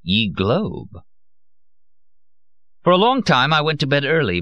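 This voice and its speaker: A deep-voiced man reads an audiobook with expressive, theatrical delivery. His intonation rises and falls a lot. The recording is dry and close but dull and muffled. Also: dry recording. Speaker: audiobook narrator. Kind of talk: audiobook reading.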